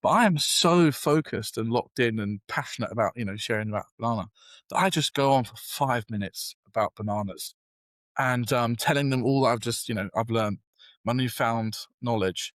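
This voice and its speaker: A man's voice: medium pitch, normal speed, no echo. Self-deprecating British man telling a story. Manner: animated, self-deprecating storyteller with many fillers. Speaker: guest. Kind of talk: storytelling in a podcast interview.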